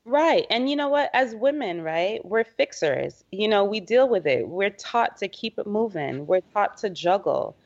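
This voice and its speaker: A woman's voice: medium pitch, expressive, measured pace, gravelly, few pauses. A middle-aged woman speaking as a podcast guest who leads a women's health organization, earnest and conversational, acting out quotes as she talks. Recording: slightly dull, muffled podcast audio.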